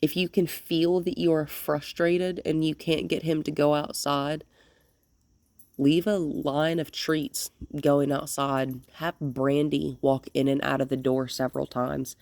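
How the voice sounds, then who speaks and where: A woman's voice: low-pitched, fairly even intonation, measured pace, darkish tone, dry recording. A woman dog trainer giving hands-on instruction, explaining plainly and switching to cheerful, coaxing talk with the dogs.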